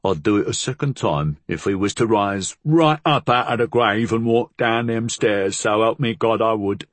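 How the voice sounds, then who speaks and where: Gruff tavern keeper in rough dialect, husky and low, voiced by a male narrator. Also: normal speed, no room sound, close to an everyday voice. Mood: grim. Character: big brooding working-class tavern keeper man.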